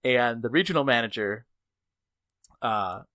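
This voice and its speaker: A man's voice: a little slow, dry recording. A man hosting a podcast, telling a work story in casual chat, acting out the people he quotes. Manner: animated storyteller, acts out quotes with big pitch jumps. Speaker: podcast host.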